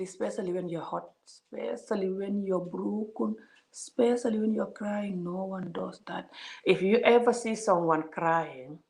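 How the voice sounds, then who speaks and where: A woman giving an emphatic, preachy vlog monologue, full of repeated words and rhetorical questions. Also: mid-range voice. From Gambia. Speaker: vlogger. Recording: roomy echo.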